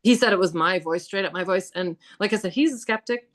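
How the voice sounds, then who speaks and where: Quick-paced and animated, a somewhat low-voiced woman guesting on a podcast recounts eerie, haunted happenings. Her chatty telling is full of laughs, casual fillers like "like," and acted-out quotes.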